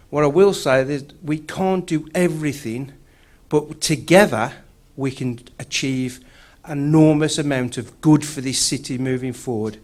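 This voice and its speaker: A man from Bilston with a Black Country accent, giving an earnest, self-deprecating councillor's speech at a conference. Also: mid-range voice. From Bilston, West Midlands England. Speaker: councillor speaker. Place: conference room.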